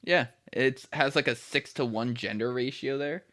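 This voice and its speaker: A man's voice: medium pitch, unhurried, a bit bright. A young man co-hosting a podcast, chatting casually and animatedly, swearing and laughing often. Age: young adult. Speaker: podcast co-host. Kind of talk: casual chat.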